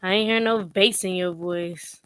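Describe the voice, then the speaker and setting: A woman's voice: lowish voice, fairly even intonation, unhurried, rough recording. A woman co-hosting a reaction video, commenting in a sarcastic, mocking and colloquial way.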